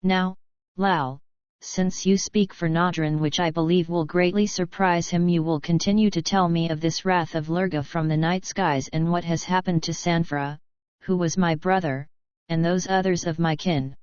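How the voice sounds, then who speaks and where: Stern commanding warrior man, as a woman reads him, threatening, smooth, slightly dull recording. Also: fairly low pitch, fairly even intonation, normal speed, a little mellow, no room sound, close to an everyday voice. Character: stern, commanding male warrior bluffing as a feared spirit.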